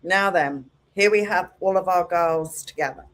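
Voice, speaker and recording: A middle-aged woman teaching a hairdressing class, animated and acting out her clients with lively exclamations. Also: fairly low pitch, moderate pace. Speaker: hairdressing educator.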